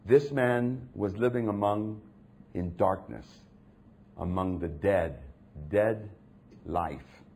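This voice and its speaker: A man delivers a dramatic, emphatic sermon, sinking to low, hushed moments before building into loud, intense stretches. His husky voice moves slowly, with long pauses.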